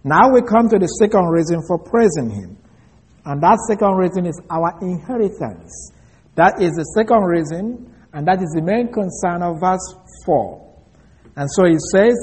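Husky high-voiced man preaching a sermon. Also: lively intonation, a little mellow. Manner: slow, deliberate emphasis on key words. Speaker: pastor. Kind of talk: expository sermon.

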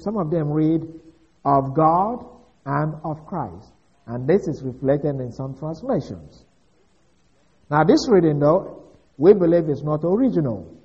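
Mellow-voiced man teaching scripture. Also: on the high side. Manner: methodical, explanatory, with occasional restarts. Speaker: Bible teacher. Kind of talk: expository Bible teaching. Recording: dull lo-fi recording.

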